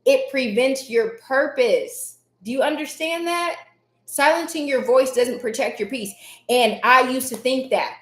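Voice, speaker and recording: A woman hosts a motivational live stream, speaking emphatically, repeating her key lines, and reading viewers' chat names aloud as she answers them. Her voice is high, somewhat slow, and fairly bright, with a roomy sound.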